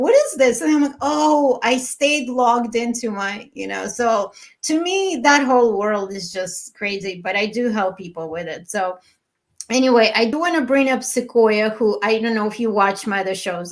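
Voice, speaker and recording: A middle-aged woman, a matchmaker hosting a live chat show, talking chattily and telling stories with laughs. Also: on the high side. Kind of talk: live-streamed casual chat.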